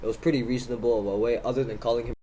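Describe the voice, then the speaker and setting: Teen boy, student podcaster, animated storyteller, slight background hiss. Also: medium pitch, rapid-fire, low-quality recording. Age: teens. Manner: animated storyteller acting out both sides of an argument. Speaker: podcast co-host. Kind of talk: casual storytelling. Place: school room in Hong Kong.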